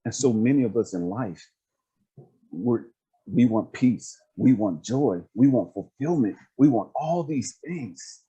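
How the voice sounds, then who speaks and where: Man, earnest storyteller on a video call, mellow husky tone, emphatic and repetitive. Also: medium pitch, lively intonation, a little slow, muffled recording. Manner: earnest, emphatic, repeats phrases, often laughs and asks "you know what I mean?". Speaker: speaker and life coach. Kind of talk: casual personal storytelling.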